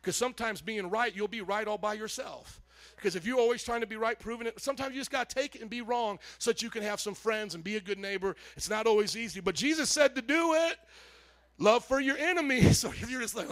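A male pastor preaching a sermon to his congregation, animated, calling out to the audience and rising to shouts. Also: very high voice, brisk.

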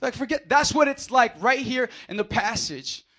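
A male pastor preaching a sermon, animated, acting out voices and swinging from quiet asides to shouting. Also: extremely high pitch, moderate pace. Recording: audio of a live sermon.

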